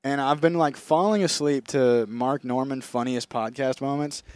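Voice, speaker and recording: A man's voice: medium pitch, moderate pace, a little mellow. A young man co-hosting a podcast, chatting crudely and profanely and often drifting into comic bits. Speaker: podcast co-host. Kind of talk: crude casual chat. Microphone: studio microphone.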